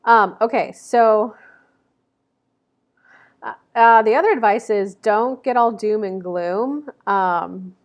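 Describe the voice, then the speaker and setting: A woman in her thirties talks through an astrology reading in a loose, rambling way, full of fillers and restarts. Her voice sits at a middling pitch. She speaks straight to viewers through a camera mic. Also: slow pace, pauses often, highs cut off. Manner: rambling, chatty, many fillers and self-corrections. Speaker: astrology reader. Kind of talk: casual monthly zodiac reading to camera.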